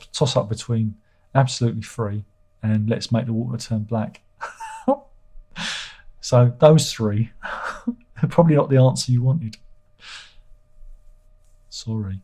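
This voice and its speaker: A man's voice: on the low side, steady tone, moderate pace, long pauses, warm tone. A man hosting a livestream, reading out viewer comments in a rambling, self-deprecating way and swearing casually. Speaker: livestream host.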